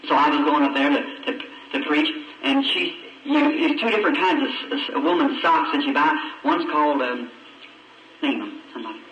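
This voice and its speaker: A man in his forties preaches in a folksy drawl, telling a personal story and slipping into high voices for the people in it. The tape is lo-fi and recorded from a distance, with a roomy church echo. His tone is bright and cutting, and his pitch sits a little high. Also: lively intonation, brisk, a little hiss or hum. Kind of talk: sermon storytelling. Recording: lo-fi old tape from a far mic, echoey church.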